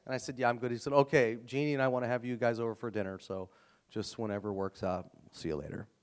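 A middle-aged man preaching a sermon, telling stories and acting out both sides of a conversation with lively energy. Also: mid-range voice, quick pace. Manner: storytelling, animated, acts out dialogue. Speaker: guest preacher.

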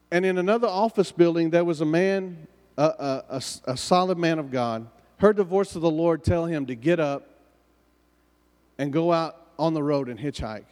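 A man's voice: fairly high pitch, darkish tone. A male pastor telling a story in a sermon, earnest and given to repeating and restarting his phrases. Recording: long reverb of a large hall.

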